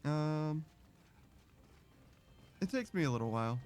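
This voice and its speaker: A man from the United States chatting casually while playing a game, slightly raspy, laughing often and restarting his sentences. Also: on the high side, animated, a little slow, a little mellow. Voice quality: raspy in the morning. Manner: giggly, talks in restarts. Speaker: gaming video host.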